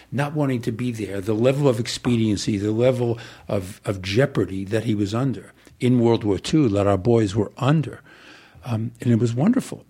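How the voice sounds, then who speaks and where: An older man, an actor, telling rambling, animated stories in an interview. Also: mid-range voice, breathy edge. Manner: animated, digressive storyteller. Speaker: actor guest. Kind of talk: rambling anecdotal interview talk.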